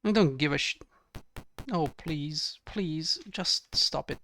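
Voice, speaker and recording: A man's voice: a little high, slow, sharp tone, a little hiss or hum. A man giving ranting gameplay commentary, exasperated and sarcastic, swearing often. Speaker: let's play gamer.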